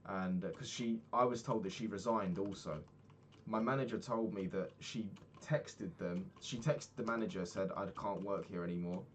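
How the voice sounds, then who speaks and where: A man's voice: low-pitched, steady tone, normal speed, slight background noise. A young man telling a personal story in a casual, candid way, swearing freely and acting out the people he quotes. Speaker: podcast host.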